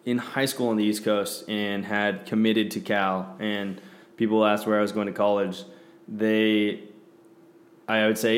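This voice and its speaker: A man co-hosting a casual sports podcast, tossing in quick reactions and telling anecdotes in a conversational way. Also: on the low side, level tone. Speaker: podcast co-host.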